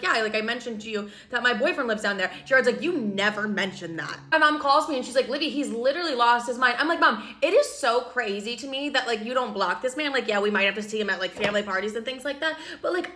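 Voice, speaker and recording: Bright-voiced young woman telling a profane storytime. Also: on the high side, fairly quick, few pauses. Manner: blunt, profane, animated gossiping. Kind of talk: casual storytime vlog.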